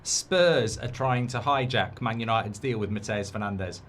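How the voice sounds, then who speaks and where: A man's voice: on the low side, normal speed, a bit bright. A man hosting a football watchalong, talking in a sarcastic, blunt, rambling way. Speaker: host.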